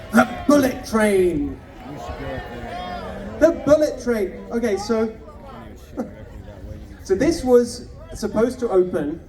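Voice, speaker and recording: A man's voice: high voice, dark tone, far from the mic. A man giving a punchy, mocking campaign rally speech, firing off rhetorical questions at an outdoor rally. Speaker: political candidate.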